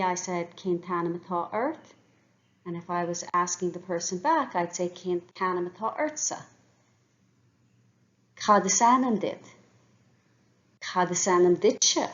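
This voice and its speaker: A woman's voice: on the low side, highs cut off. A woman teaching a beginner language lesson, patiently repeating each phrase for learners to copy. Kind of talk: slow, clear language lesson with repeated drills.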